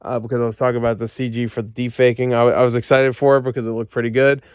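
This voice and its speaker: A man's voice: medium pitch, little pitch movement, racing, smooth, no echo, clean studio sound. A man ranting sarcastically about a movie, swearing often and stumbling through fillers. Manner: sarcastic, profane, frustrated ranting with frequent fillers. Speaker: movie reviewer. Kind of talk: casual ranting review. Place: lying in bed at home.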